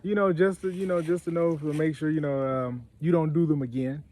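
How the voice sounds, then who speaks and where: A man's voice: fairly high pitch, steady tone, fairly quick, darkish tone, a little hiss or hum. A man co-hosting a casual couple's chat show, talking in a laid-back, rambling way as he gives advice to viewers. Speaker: co-host.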